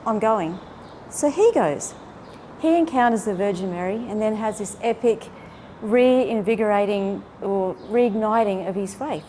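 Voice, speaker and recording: A woman earnestly retelling a faith story and reflecting on its meaning, with an animated, heartfelt delivery. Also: medium pitch, measured pace, a little hiss or hum. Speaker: faith speaker.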